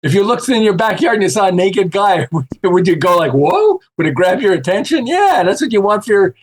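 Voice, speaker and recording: A man guesting on a podcast, telling stories in a casual, animated way and acting out the voices of the people he quotes. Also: high voice, quick pace. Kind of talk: casual storytelling chat.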